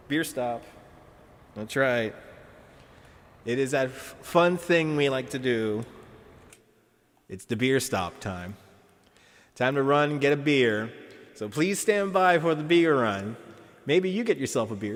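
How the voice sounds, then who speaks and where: A man's voice: mid-range voice, lively intonation, slow, pauses often. A man in his forties chatting casually on a live stream while he drives in a truck simulator, laughing often and answering his chat. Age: 40s. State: drinking beer while streaming.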